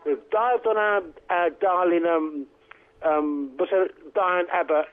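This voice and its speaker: A man's voice: sits high, slow. A man calling into a talk radio show, talking emphatically and rambling with many restarts. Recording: phone line on radio.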